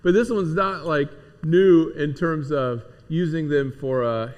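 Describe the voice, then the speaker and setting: A man's voice: on the high side, unhurried, a little mellow. A middle-aged man preaching a casual, conversational sermon as pastor, teaching more than preaching and repeating key words for emphasis. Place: church sanctuary. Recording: long reverb of a church hall.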